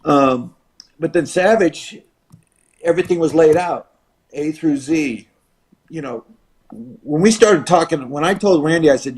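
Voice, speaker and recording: A man in his seventies from the United States, a retired wrestler telling an animated anecdote as an interview guest. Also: on the high side, a little slow, long pauses. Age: 70s. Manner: animated, acts out quoted voices and crowd noise. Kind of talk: storytelling anecdote.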